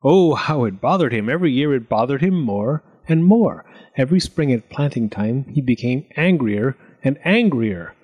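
A man reading a storybook aloud with an expressive, lilting delivery. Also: medium pitch, moderate pace.

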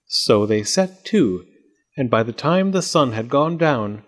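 Man reading a storybook, very expressive. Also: medium pitch. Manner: expressive, measured narration. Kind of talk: storybook read-aloud.

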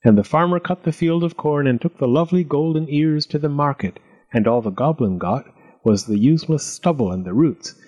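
A man reading a storybook aloud with an expressive, lilting delivery. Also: on the high side, fairly quick.

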